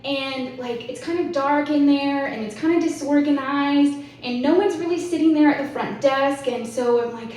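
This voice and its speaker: A woman's voice: high-pitched, moderate pace, few pauses, darkish tone. A woman, telling a story as a conference speaker in a chatty way, with lots of "like". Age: 30s. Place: conference hall. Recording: echoey hall, voice from far off, faint hiss.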